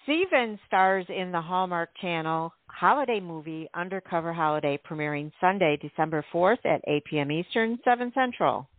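A woman's voice: on the low side, animated, normal speed, few pauses, no echo. A woman with a Chicago accent co-hosting a radio show, teasing and playful. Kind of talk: casual chat. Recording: tinny phone-like line.

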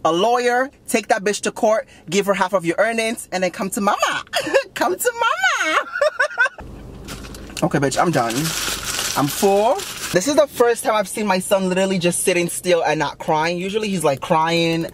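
A man's voice: sing-song, normal speed, a little hiss or hum. A man doing Patricia, a brash sassy young mom. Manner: loud, giggly, swears constantly, swoops up high. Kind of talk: comedy sketch in character. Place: in a car.

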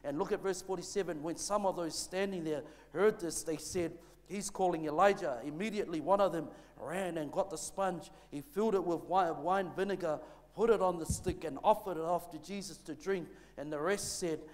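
A pastor preaching a sermon, reading scripture aloud, then praying and preaching with rising intensity. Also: male voice, fairly high pitch, moderate pace. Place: church. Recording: long church reverb.

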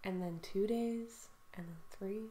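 A woman's voice: mid-range voice, unhurried, dark tone. A woman co-hosting a podcast, bantering playfully and laughing easily. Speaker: podcast co-host. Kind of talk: casual chat. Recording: roomy echo.

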